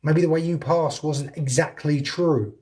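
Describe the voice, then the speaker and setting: In a slightly high, dark-toned voice, a man hunts for ghosts inside a house while streaming live, taking his time as he speaks. He keeps up a chatty banter with viewers, addresses spirits directly, and laughs a lot.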